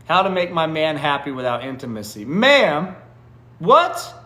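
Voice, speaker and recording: A man's voice: a little high, expressive, moderate pace, bright, forceful tone. Man, live-stream host, teasing and blunt, swears freely, incredulous, echoey room. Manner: incredulous, teasing, repeats "what?" in disbelief. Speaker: livestream host answering viewer comments. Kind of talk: casual live-stream advice chat.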